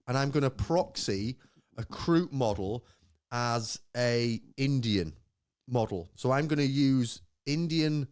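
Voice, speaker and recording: A man's voice: medium pitch, a little mellow. A man hosting a casual comedy podcast, teasing and provoking, cutting in and laughing a lot. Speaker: podcast host.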